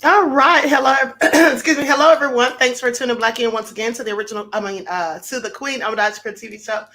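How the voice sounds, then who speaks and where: Sassy high-voiced woman hosting a livestream. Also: fast talker, bright, forceful tone. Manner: sassy, gossipy, teasing. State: slightly hoarse. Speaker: host of a live-streamed talk show. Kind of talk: livestream chat with viewer shout-outs.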